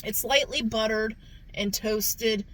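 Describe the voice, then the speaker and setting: A woman's voice: fairly high pitch, steady tone, slow, a bit bright, rough recording. A woman hosting a casual food review vlog, chatty, repeating herself and calling her viewers "guys". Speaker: food review channel host.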